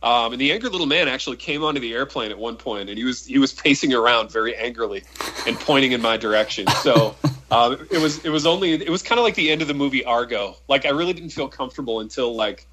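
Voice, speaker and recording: A man's voice: mid-range voice, fast talker, a bit bright, breathy edge, rough recording. Laid-back man telling a rambling story. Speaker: podcast co-host. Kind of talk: casual chat, storytelling.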